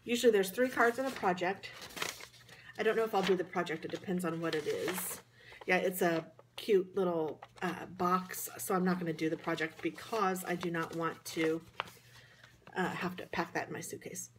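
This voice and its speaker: A woman with a Midwestern American accent talks her way through a card-making project in a hotel room. Her voice sits slightly low, and her chatty, wandering manner comes with plenty of self-deprecating asides. Light background noise hums behind her. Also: steady tone, moderate pace. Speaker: craft vlogger. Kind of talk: casual crafting tutorial.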